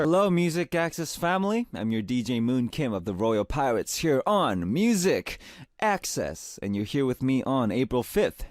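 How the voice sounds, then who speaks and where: A man's voice: mid-range voice, a little mellow. A young man hosting a radio music show, moving from a reflective scripted opening into friendly announcements at a studio microphone.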